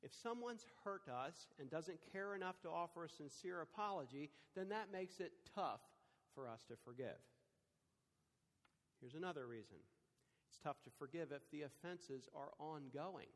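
A man's voice: a little high, animated, moderate pace, in a large hall. An older man preaching a sermon, telling stories and acting out quoted dialogue in a conversational way. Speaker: pastor.

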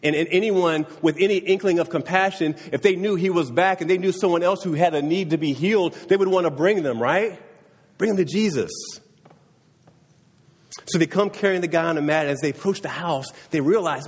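A man's voice: fairly high pitch, fairly quick, breathy edge, in a large hall. A man preaching a sermon in a conversational way, often checking in with his listeners. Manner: conversational, often asking "right?". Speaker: pastor.

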